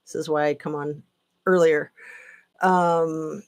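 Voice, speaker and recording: Late at night and clearly tired, a woman hosts a live stream for a political commentary channel, rambling sarcastically and filling her casual commentary with lots of fillers. Her voice is deep, her intonation fairly even, and her pace slow.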